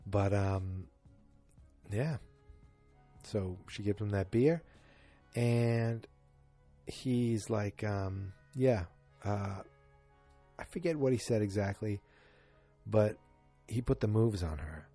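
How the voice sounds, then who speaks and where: A man's voice: on the low side, mellow, soft background music. A man hosting a podcast, chatting through an episode recap and briefly acting out characters' lines. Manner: chatty, acts out characters' lines in quick voices. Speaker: podcast host.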